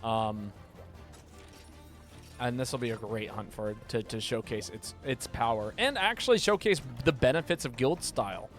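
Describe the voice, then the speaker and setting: A man live-streaming a game, talking casually and playfully, often stumbling and repeating words when excited. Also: mid-range voice, normal speed, faint music behind.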